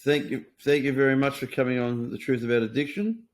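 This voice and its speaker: A man's voice: mid-range voice, steady tone, quick pace. A man, hosting a podcast in a blunt, matter-of-fact way and swearing freely. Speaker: podcast host. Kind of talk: casual conversation.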